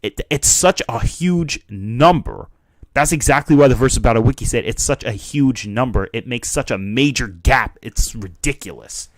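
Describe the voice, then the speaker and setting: A man's voice: medium pitch, normal speed, dry recording, clean studio sound. A young man giving casual, joking live commentary as a streamer reacting to a video. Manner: animated and joking.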